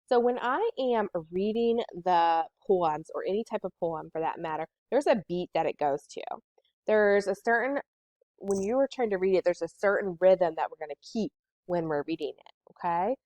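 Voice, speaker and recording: A woman teacher giving a recorded poetry lesson to children, counting out syllables slowly and deliberately. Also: lowish voice, no echo.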